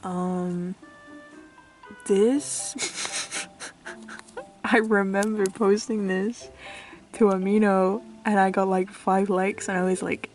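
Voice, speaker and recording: Taking her time with long pauses, a young vlogger from the UK talks casually in a medium-pitched voice over faint background music. She giggles, pokes fun at herself, lets her words fade into mutters, and squeals when she finds something exciting.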